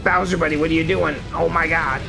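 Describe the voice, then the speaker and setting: A man streaming a video game with casual, excitable commentary and sudden swearing outbursts. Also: fairly high pitch, brisk, creaky, music in the background. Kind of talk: casual live gameplay commentary.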